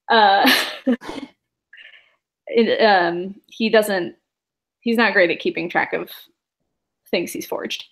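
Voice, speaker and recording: A woman runs a tabletop game, narrating in a casual, rambling way. She uses many fillers and laughs as she goes. Her voice is mid-pitched. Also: slow pace, long pauses, a bit bright. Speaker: game master.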